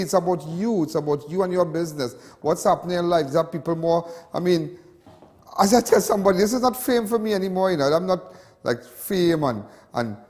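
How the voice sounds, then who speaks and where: A man's voice: a little high, darkish tone, long reverb tail. A Trinidadian man hosting a TV show, talking in an emotional, rambling monologue full of repetition and local slang. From Trinidad and Tobago. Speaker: TV show host. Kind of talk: impassioned on-air monologue.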